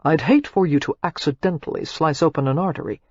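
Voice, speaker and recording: A woman voicing a gruff, sardonic young gentleman. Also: deep voice, fairly quick, no room sound, dull audio. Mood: impatient. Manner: curt, impatient, dryly sarcastic. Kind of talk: audiobook character reading.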